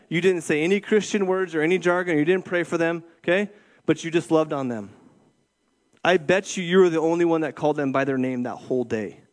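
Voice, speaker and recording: A middle-aged man giving a conversational sermon as a youth ministry director, often checking in with his listeners. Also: on the high side. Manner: conversational, keeps checking in with "right?". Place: church room with an audience.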